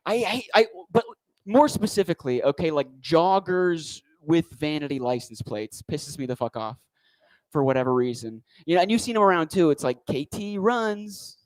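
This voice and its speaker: A man's voice: on the high side, animated, moderate pace, no echo, poor audio. A man doing a stand-up comedy set on a club stage, talking into a handheld mic with a wry, rambling delivery.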